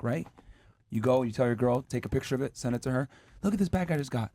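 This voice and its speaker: A man's voice: mid-range voice, quick pace, gravelly, a little mellow, husky, no room sound. A man hosting a podcast panel who spins a hypothetical scenario full of swearing. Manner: profane, storytelling hypotheticals. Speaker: podcast host.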